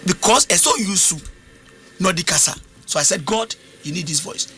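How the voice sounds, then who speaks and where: A man's voice: high-pitched, expressive, fairly quick, pushed and bright, a little hiss or hum. A man preaching a sermon, emphatic, switching languages and repeating phrases. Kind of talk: sermon with interpreter.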